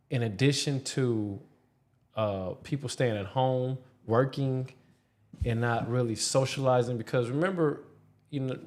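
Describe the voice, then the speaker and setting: A man co-hosting a podcast in casual chat, speaking haltingly with stammered restarts. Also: medium pitch, darkish tone. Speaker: podcast co-host.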